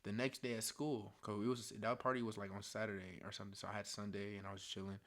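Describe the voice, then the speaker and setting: A young man tells a story to his viewers in loose, slangy talk. He is animated, sinking into hushed asides and then rising to loud bursts. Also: lowish voice, fast. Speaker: storytime vlogger. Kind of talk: casual storytelling.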